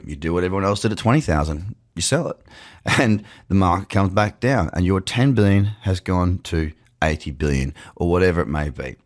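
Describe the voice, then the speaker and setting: A low-voiced man hosts his crypto market show from a home office, talking straight to his webcam. His delivery is chatty and animated, his pitch rising and falling freely as he walks through the market with jokey asides. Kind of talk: casual market commentary to camera. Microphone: webcam setup.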